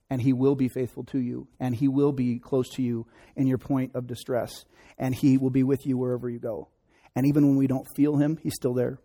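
A middle-aged male pastor with a mellow, dark-toned voice delivers a sermon in an easy, conversational manner. He preaches the way he would talk, and he slips into quoted voices as he tells his stories. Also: mid-range voice. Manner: conversational, acts out quoted voices, drops to soft prayer. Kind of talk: sermon with storytelling and prayer.

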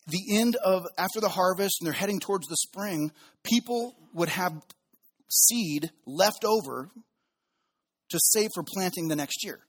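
A man preaching a sermon with a slightly high, husky voice. He tells stories animatedly, jumping up in pitch for the quoted voices and sinking to soft, quiet asides. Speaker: pastor.

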